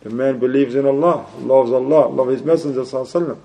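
Mellow-voiced man preaching a sermon. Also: medium pitch, fairly even intonation, very fast. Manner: exhorting, full of rhetorical questions; mixes in Arabic religious phrases. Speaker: Islamic preacher. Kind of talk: religious lecture.

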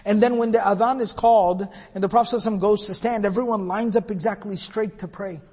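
A man's voice: high-pitched, fairly even intonation, racing, a little mellow, slightly rough, in a large hall. A man preaching a sermon, retelling a story with quoted dialogue and explaining each part. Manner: retells dialogue, switches between Arabic and English.

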